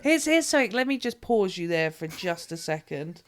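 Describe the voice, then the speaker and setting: Woman, British accent, podcast co-host, casual chat, smooth clear voice, rambling tangents, swears freely. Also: fairly low pitch, big pitch swings, normal speed. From Britain.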